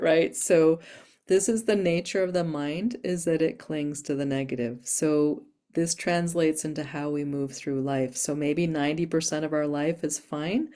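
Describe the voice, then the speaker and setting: Low-voiced woman teaching breathing. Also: steady tone, measured pace, warm tone. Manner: chatty, laughs often, frequent "right?". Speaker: breathing workshop instructor. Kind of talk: casual teaching talk. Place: Boise, Idaho.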